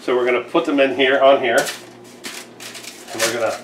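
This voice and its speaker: A man's voice: medium pitch, steady tone, brisk, reverberant, noisy background. A man co-hosting a casual home cooking demo, joking and laughing often at his own lines. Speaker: homestead channel co-host. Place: home kitchen.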